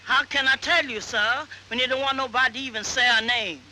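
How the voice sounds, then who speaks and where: An actress playing a kindly, motherly housemaid who talks quickly and soothingly. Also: high-pitched, steady tone, bright, forceful tone, a little hiss or hum, rough recording.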